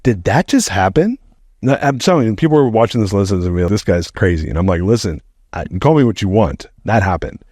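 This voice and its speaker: A fast-talking middle-aged man with a fairly low voice is a guest on a podcast, recorded in studio quality with no echo. His storytelling is animated and rambling, full of swearing and the word "like".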